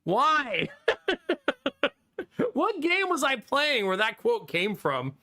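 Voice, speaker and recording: Speaking slowly in an extremely high, sharp-toned voice, he swings his pitch wildly. The Ohio man is live-streaming, joking around with his audience and laughing a lot, captured on a quality studio condenser microphone.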